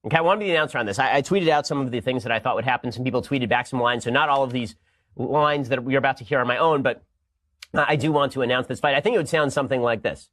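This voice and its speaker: A male host giving sarcastic news commentary, fast and mocking, breaking into bursts of laughter. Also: mid-range voice, fairly bright tone.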